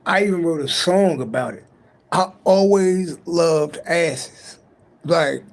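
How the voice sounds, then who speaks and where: A man's voice: fairly high pitch, takes it slowly, creaky. A man giving a late-night tarot reading on a livestream, talking in a loose, profane, rambling and joking way. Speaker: tarot reader on a live stream. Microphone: livestream mic.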